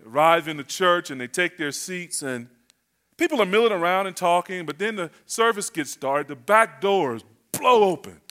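A man from North Carolina preaches in church as a guest pastor, delivering a sermon full of funny stories in a folksy, chatty way. His voice is high-pitched, animated, a bit bright, and at normal speed.

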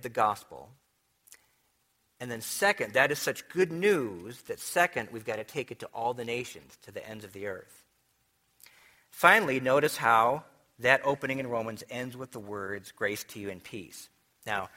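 A man preaching a sermon as pastor of his church, teaching with lively swings between loud emphasis and quiet asides. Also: mid-range voice. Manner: animated teaching with wide swings in loudness.

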